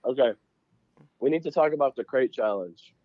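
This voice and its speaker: A man co-hosting a casual podcast chat, loud and excitable, swearing freely. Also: medium pitch, moderate pace, slightly rough, dry recording. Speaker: podcast co-host. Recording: dull, lo-fi sound.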